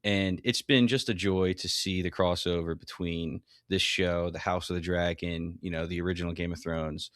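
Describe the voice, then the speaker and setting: A man's voice: fairly even intonation, moderate pace, hardly any pauses, a bit bright, smooth, no echo, studio quality. A man co-hosting a podcast, chatting enthusiastically about a TV episode and acting out quotes. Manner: enthusiastic, acts out quotes with rising pitch. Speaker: podcast co-host. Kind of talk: casual TV recap chat.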